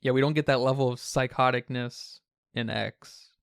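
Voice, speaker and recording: A man co-hosting a casual film podcast, speaking in a measured, analytical way. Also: medium pitch, steady tone, vocal fry, clean tone, dry recording, clean studio sound. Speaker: podcast co-host.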